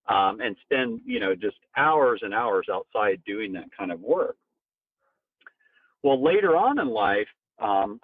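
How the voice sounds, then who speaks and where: A man being interviewed as a company co-founder, telling a personal story animatedly and jumping up in pitch for emphasis. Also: breathy edge, no room sound. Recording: tinny phone-like sound, very dry.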